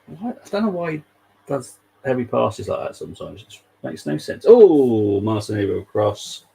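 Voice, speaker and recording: Gravelly, husky man. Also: mid-range voice, sing-song, moderate pace, mellow, rough recording. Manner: casual, wry, laughs often. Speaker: fan channel host. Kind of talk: live football watchalong commentary.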